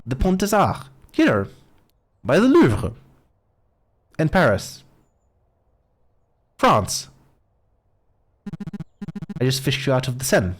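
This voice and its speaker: A man's voice: medium pitch, wildly swooping pitch, slow, long pauses, slightly rough, faint music behind, full character voice. A man voicing a chatty, friendly male bird fisherman in a game, with a fussing, insistent manner.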